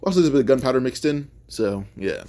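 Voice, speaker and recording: Mellow-voiced man rambling through a story. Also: mid-range voice, lively intonation, fast talker. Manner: rambling, thinks aloud with many self-corrections. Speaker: fan-fiction storyteller. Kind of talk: casual improvised retelling.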